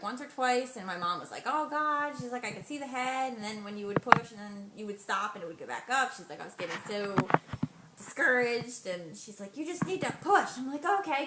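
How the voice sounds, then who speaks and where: A young woman telling a personal story in a casual vlog, acting out the dialogue with animated quotes and frequent laughs. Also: a little high. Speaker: vlogger. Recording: echoey room, faint noise.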